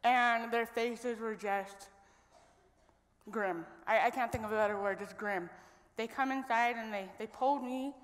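A young woman from Idaho speaks from a stage in an earnest, reflective way as she tells her own story. Her voice sits a little high, and the long reverb of a large hall trails after each phrase. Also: fairly even intonation, measured pace. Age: young adult. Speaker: guest speaker at a women's event. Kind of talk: personal story told on stage.

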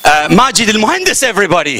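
Bright, lively comedian working a crowd. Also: male voice, sits high, fast, slight background noise. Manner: playful, self-mocking, crowd-working. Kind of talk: live stand-up hosting. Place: festival stage before a live audience. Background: audience faintly heard.

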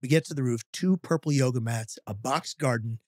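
A man's voice: mid-range voice, fairly quick, dry recording, clean studio sound. A man, a podcast guest telling a funny story with acted-out quotes. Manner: animated storyteller, acting out quotes.

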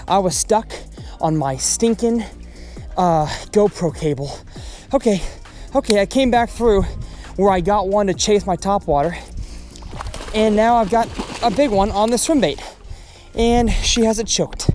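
Young guy fishing on a river, super excitable, keeps repeating himself, faint music behind. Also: high voice. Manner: excitable, exclaims and repeats phrases. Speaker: fishing vlogger. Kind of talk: excited fishing vlog commentary. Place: outdoors on a river.

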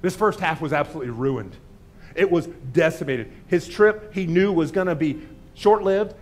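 A man who is a pastor, preaching an impassioned sermon in a church, swelling loud and dropping to soft asides. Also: a little high. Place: church sanctuary.

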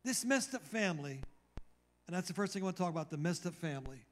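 A man's voice: sits high, animated, quick pace. A male pastor preaching a sermon, retelling scripture dramatically and repeating key phrases for emphasis. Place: church.

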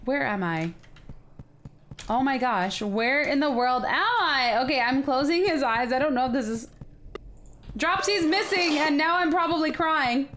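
A woman hosting a let's play, chatting excitedly and often sounding confused as she plays. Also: sits high, a little slow, slight background noise. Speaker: gaming video host.

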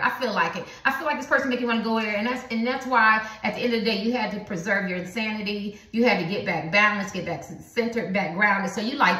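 A woman's voice: mid-range voice, quick pace, hardly any pauses, pushed and bright, echoey room, poor audio. A woman giving a casual, profane tarot reading into her phone, laughing often. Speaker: tarot card reader.

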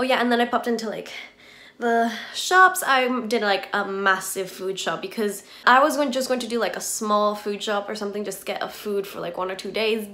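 A woman's voice: medium pitch, bright, forceful tone. Young woman rambling to the camera at home, kinda stuffy and congested, giggles a lot, lots of "like". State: stuffy, congested from hay fever. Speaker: vlogger, university student. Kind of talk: casual chatty vlog. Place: at home, kitchen area.

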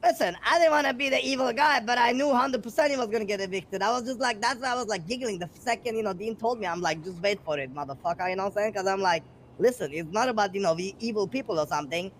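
A man with a high voice rambles through a role-play scene in character. He swears freely and keeps cracking himself up. A faint hiss sits behind him. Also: fast, fairly bright tone. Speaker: role-play gang member.

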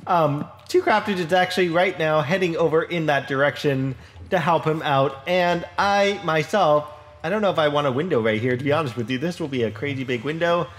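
A man's voice: a little high, brisk. A man hosting a casual let's play, chatting his way through a building session with lots of fillers, restarts and self-deprecating remarks. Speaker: Minecraft let's play host. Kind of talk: casual gameplay commentary.

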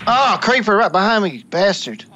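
A man in casual gaming chat with friends, excitable and quick to swear and laugh. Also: sits high, lo-fi sound. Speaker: gamer.

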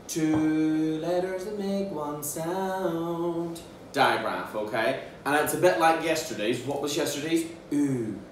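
A man teaching a children's phonics lesson in a playful, animated way. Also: medium pitch. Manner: playful, animated, slow and drawn out for young learners. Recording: echoey room, mic at a distance, faint background noise.

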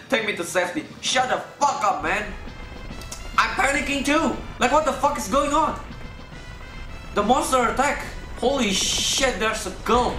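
A man hosting a let's play, excitable and swearing constantly, with loud panicked outbursts. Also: sits high. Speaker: gaming channel host. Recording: roomy room sound with faint game music. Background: faint game music.

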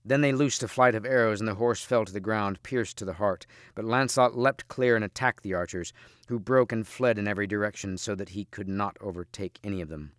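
A man, a teacher, reading a storybook aloud in steady, measured audiobook narration. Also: on the low side, no echo, clean studio sound.

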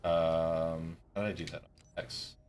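A man's voice: low-pitched, little pitch movement, slow, darkish tone, slight background noise. A young man on a headset in casual game chat, laid-back and teasing, laughing often. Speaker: gamer on voice chat. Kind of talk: casual gaming banter.

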